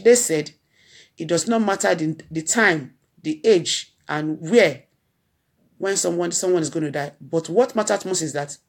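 With a deep, slightly rough voice, a Nigerian-accented blogger grieves aloud in a sincere tribute to her followers. She circles back over her phrases in a preacher-like rhythm.

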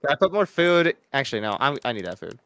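A man rambling and thinking out loud while playing a co-op video game with friends, easily flustered. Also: medium pitch, sing-song, quick pace, slight background noise. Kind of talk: casual gaming chat.

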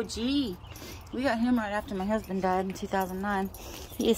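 A woman's voice: moderate pace, a little hiss or hum. A middle-aged woman chatting casually to her phone camera while walking her dogs outside near her house. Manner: chatty, calls dogs in a high singsong. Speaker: vlogger. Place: outdoors near a house and woods.

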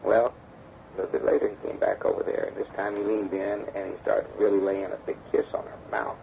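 A man telling a story from his past in an interview. He acts out the dialogue lively as he talks, on a damaged tape recording. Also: lowish voice, fairly quick, vocal fry. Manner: animated storyteller acting out quoted dialogue. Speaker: interview guest, former bodyguard. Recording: dull damaged tape with faint hiss.

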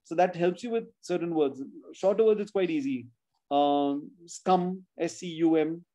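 A man's voice: fairly high pitch, unhurried, warm tone, highs cut off. A man teaching children spelling in an online class, patiently sounding out words letter by letter.

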